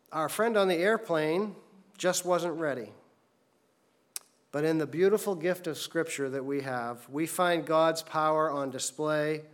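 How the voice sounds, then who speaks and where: Male preacher, fairly high voice, earnest storytelling sermon delivery. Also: fairly bright tone. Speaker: pastor.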